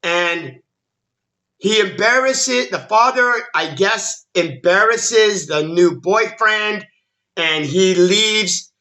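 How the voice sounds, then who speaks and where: High, bright-voiced man ranting. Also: lively intonation, slow. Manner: exasperated, swearing, many stammered restarts. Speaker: film reviewer. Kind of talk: ranting movie review.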